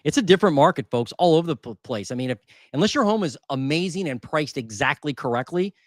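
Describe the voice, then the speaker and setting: His voice a little high and animated, this housing market host talks at a quick pace, recorded with studio quality and no echo. He casually reads market figures live, thinking out loud and repeating numbers.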